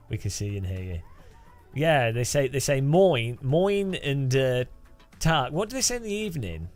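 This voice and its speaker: A middle-aged man, chatting casually and jokingly while streaming a game live, often chuckling as he rambles. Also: medium pitch. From English Midlands.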